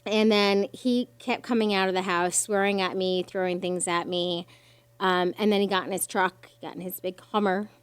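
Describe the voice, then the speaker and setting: A woman's voice: medium pitch, normal speed, clear, resonant tone, dry recording. A woman guest on a podcast, telling a personal story with strong emotion, swearing freely and acting out the voices of others. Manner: animated, swears freely, acts out quoted voices.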